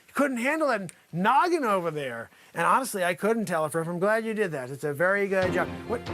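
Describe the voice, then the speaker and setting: A man's voice: sits high, lively intonation, fairly quick, few pauses, fairly bright tone, soft background music. A man hosting an improvised comedy news spot, rambling and teasing in a mock-anchor delivery. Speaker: comedy news show host.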